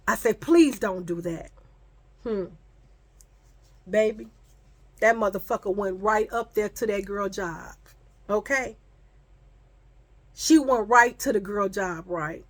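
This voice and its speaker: A woman's voice: mid-range voice, slow, long pauses. A pregnant woman telling a storytime vlog in a casual, profane way, acting out the people she quotes, and she says she feels sick and foggy. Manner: animated, profane, acts out the people in her story.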